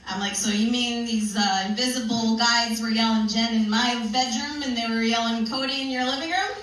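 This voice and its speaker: A woman giving a playful, animated comedic talk at a live event, laughing often as she tells her story. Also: on the high side, moderate pace. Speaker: spiritual comedian and speaker. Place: live benefit event hall. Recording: echoey hall, mic from a distance, faint noise.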